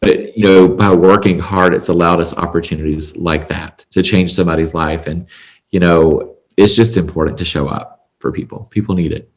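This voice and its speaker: A man's voice: sits low, steady tone, moderate pace. A man who owns a salon, a guest on a podcast, telling a heartfelt story in an earnest, chatty way full of fillers. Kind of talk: conversational storytelling.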